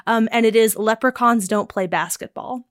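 A woman's voice: on the high side, normal speed, dry recording, clean studio sound. A woman co-hosting a podcast, chatting casually with stammers and amused laughs. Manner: stammering, bemused, laughing reactions. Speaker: podcast co-host.

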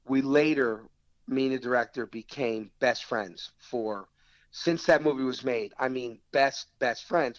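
Casting note: a mid-pitched man, the animated guest storyteller who acts out quotes, with close dry sound. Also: dry recording, lo-fi sound. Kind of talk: casual anecdote on a talk show.

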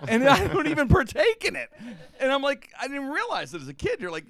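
Animated, gravelly man telling stories. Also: very high voice, a little fast, no room sound. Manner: animated, laughing often through anecdotes. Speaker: podcast host. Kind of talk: casual storytelling.

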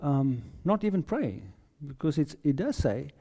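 A man with a South African accent giving an earnest personal testimony as a lay preacher, telling his story haltingly with many repeated words. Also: fairly high pitch, big pitch swings, dark tone, husky.

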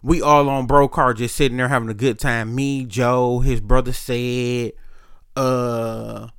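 A man's voice: mid-range voice, flat delivery, a little slow, a bit bright, clear, resonant tone, dry recording, clean studio sound. A young man hosting a podcast, telling stories in a laid-back, profane way full of street slang. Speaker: podcast host. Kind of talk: casual storytelling monologue.

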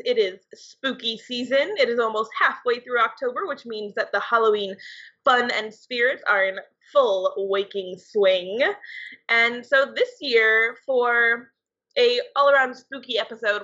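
A woman's voice: on the high side, pushed and bright, slightly rough. A young adult woman co-hosting a podcast, explaining things in a loose, conversational way. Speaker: podcast co-host, writer and editor. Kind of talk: casual podcast chat. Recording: dull lo-fi podcast audio.

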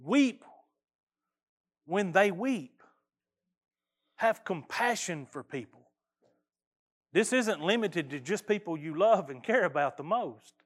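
A middle-aged pastor with a drawl delivers a sermon in a notably high voice. He speaks folksy and earnest, often stumbling and restarting his phrases. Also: animated, measured pace, a bit bright.

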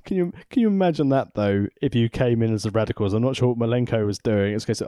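A man co-hosts a podcast with wry, offhand jokes. His voice sits at a middle pitch. It is recorded dry and close. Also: fast talker, mellow, dry recording. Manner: wry, joking asides. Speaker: podcast co-host. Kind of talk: casual chat.

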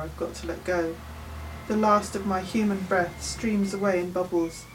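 A woman's voice: medium pitch, recorded from a distance, a little hiss or hum, poor audio. A woman reading a novel aloud in the first person, with tense, vivid storytelling. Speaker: audiobook narrator. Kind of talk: first-person audiobook narration.

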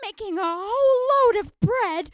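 A woman's voice: very high-pitched, animated, unhurried, dry recording, studio quality. A woman playing a petulant, defiant teenage girl with whiny, melodramatic outbursts. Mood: spiteful.

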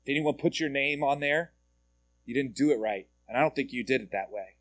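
A man's voice: mid-range voice, brisk, fairly bright tone, dry recording. Man preaching a conversational sermon. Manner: conversational, asks listeners questions, repeats words. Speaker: pastor.

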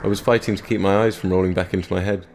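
A man's voice: low-pitched, steady tone, rapid-fire, noisy background. A young man reading a first-person story in a dry, understated manner. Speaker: narrator. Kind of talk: scripted narration.

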